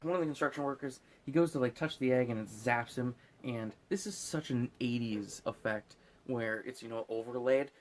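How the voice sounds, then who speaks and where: A man's voice: medium pitch, moderate pace, few pauses, noisy background. A drunk man hosting a casual movie recap, rambling and swearing as he goes. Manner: rambling, swearing, laughing at his own jokes.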